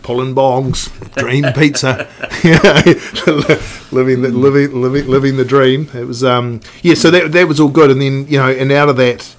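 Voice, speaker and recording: His tone is steady and his medium-pitched voice moves at normal speed with few pauses. He's a middle-aged Kiwi-accented snowboard industry veteran guesting on a casual podcast, telling rambling stories packed with fillers and restarts.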